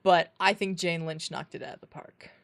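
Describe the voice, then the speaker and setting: A woman co-hosting a casual live-streamed TV review, friendly and easygoing as she greets viewers in the chat. Her voice sits on the lower side and sounds dry, as though recorded close to the mic. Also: fairly even intonation, normal speed, creaky, dry recording. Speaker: co-host of a TV review show.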